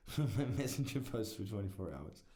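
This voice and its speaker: A man's voice: lowish voice, sing-song, normal speed, mellow. A man, rambling and swearing through a casual solo podcast. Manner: rambling, profane, self-deprecating. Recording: echoey room.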